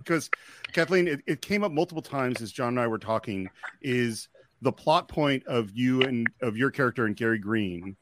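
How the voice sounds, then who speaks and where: A man's voice: mid-range voice, animated, moderate pace, noisy background. A man hosting a panel discussion, who stumbles eagerly into his questions. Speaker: host.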